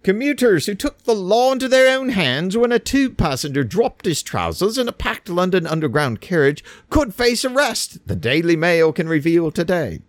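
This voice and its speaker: A man's voice: sits high, big pitch swings, normal speed, hardly any pauses, no room sound. A man putting on a pompous mock British newsreader. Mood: mock-formal.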